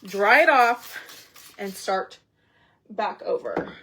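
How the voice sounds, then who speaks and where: A woman's voice: medium pitch, animated, slow, pushed and bright, husky. A woman chatting casually through a craft livestream, gushing and saying y'all a lot, a little out of breath.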